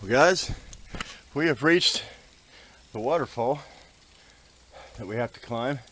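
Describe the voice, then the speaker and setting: A man speaking at a middle pitch, talking casually to his viewers as he hikes uphill. He is out of breath from the climb, and his talk is folksy and easygoing. It is recorded outdoors on a camera mic, with faint noise behind him. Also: expressive, slow, fairly bright tone. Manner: chatty, folksy, talks to viewers while hiking. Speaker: hiking vlogger. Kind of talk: casual outdoor vlog narration. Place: forest trail outdoors.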